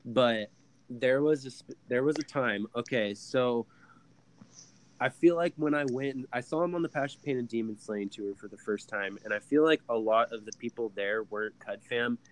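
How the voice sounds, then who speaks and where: A man's voice: mid-range voice, normal speed, low-quality recording. Guy rambling happily through a story on a chill podcast, lots of ums. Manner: animated storyteller, many fillers. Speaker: podcast co-host. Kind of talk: casual chat.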